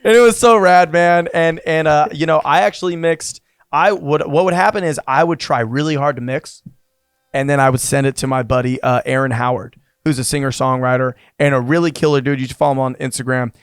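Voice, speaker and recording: Rambling, laughing musician in a dry studio. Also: male voice, a little high, brisk, clean tone, no echo. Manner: rambling storyteller, laughs often, acts out quotes. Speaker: singer-songwriter guest. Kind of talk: casual podcast chat. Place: studio lounge.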